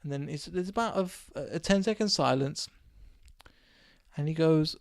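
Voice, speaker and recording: A man from England, hosting a casual solo podcast and telling a rambling story while his voice is going hoarse. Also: fairly high pitch, normal speed, dry recording, studio quality. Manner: rambling, animated anecdote with acted quotes. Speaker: podcast host.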